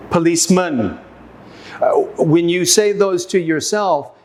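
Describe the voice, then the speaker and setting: Man slowly teaching English word stress. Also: a little high, slight background noise. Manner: slow, careful, repeats words for practice. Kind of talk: pronunciation lesson.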